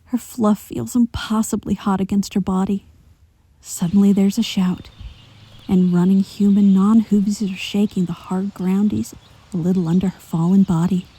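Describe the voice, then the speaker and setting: A woman reading a dark fan story aloud, measured and at times hushed to a whisper. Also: mid-range voice, steady tone, slight background noise. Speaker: narrator.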